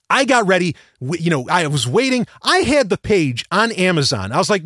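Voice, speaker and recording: Animated high-voiced man telling a story. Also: a little fast, hardly any pauses, no room sound, studio quality. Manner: animated, rambling, with repeated restarts and swearing. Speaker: podcast host. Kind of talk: casual storytelling monologue.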